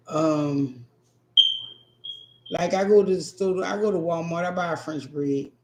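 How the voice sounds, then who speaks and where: Slow-drawling New man, echoey room. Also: fairly high pitch, fairly even intonation, darkish tone. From New Orleans. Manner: profane, teasing, laid-back drawl. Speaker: streamer answering chat. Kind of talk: casual livestream chat.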